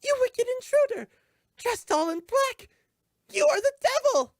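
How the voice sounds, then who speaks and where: A man voicing a hysterical young woman passenger who shouts melodramatic accusations. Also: very animated, measured pace, no room sound, exaggerated voice. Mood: accusing. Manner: shrill, melodramatic outbursts.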